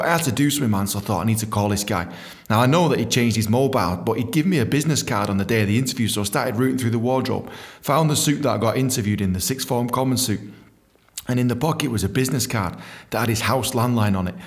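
A young man hosting a podcast, telling a story in an animated, swearing way and acting out other people's voices. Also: medium pitch, fast. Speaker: podcast host. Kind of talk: casual storytelling.

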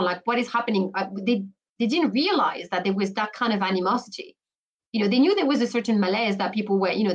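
A woman's voice: a little high, poor audio. A woman talking as a guest on a podcast interview, emphatic and full of restarts and "you know" fillers. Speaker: guest commentator.

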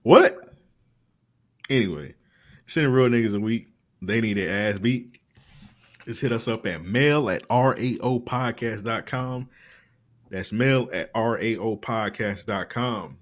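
A man's voice: on the low side, measured pace, pauses often. A young man with a Florida accent, hosting a podcast and telling loose, profane stories in casual chat. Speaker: podcast host.

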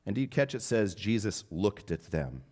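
A man with a very low, deep voice preaches to his congregation. His delivery swings between quiet, intimate stretches and loud, urgent appeals, the way a pastor drives a point home. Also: sing-song, normal speed. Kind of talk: sermon.

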